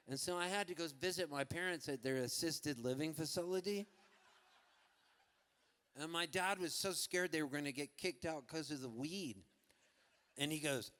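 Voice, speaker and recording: A man telling a funny story between songs at a live festival concert, loose and laughing as he slips into quick voices for the people in it. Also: a little high, long reverb tail. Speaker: folk singer-songwriter telling a story on stage. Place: outdoor festival stage.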